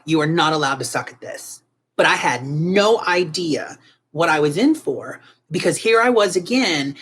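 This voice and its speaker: A woman guest artist in an interview, telling her story in an animated, emotional way with frequent restarts. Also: low voice, breathy edge.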